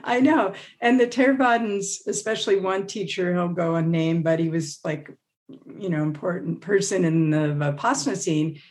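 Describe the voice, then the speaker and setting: A woman with a slightly low voice tells a story in a podcast interview. She talks in a relaxed, casual way and livens it up by acting out what others said. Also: moderate pace. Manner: animated, acts out quotes with laughs and fillers. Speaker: interview guest, meditation teacher.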